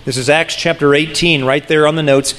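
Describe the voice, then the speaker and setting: A man preaching a sermon in an earnest, conversational way, often restarting phrases and slowing down to stress key words. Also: fairly high pitch, steady tone, a bit bright. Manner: earnest, with frequent restarts and slowed emphasis. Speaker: pastor.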